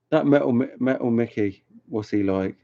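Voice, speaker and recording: A man with a mid-range, dark-toned voice hosts a casual livestream, rambling and chatting with viewers as he reads their comments, teases them, and laughs often. The home stream audio is dull and lo-fi.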